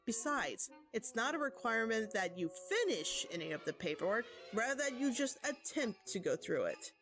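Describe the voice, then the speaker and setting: A woman voicing a calm, formal female team commander who speaks with measured, precise diction. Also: fairly high pitch, faint music behind. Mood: composed.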